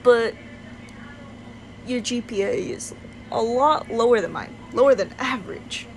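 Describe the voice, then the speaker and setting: A woman's voice: a little high, lively intonation, unhurried, a little hiss or hum, poor audio. A young woman ranting casually into her phone in an exasperated, incredulous way, full of "like". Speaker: vlogger.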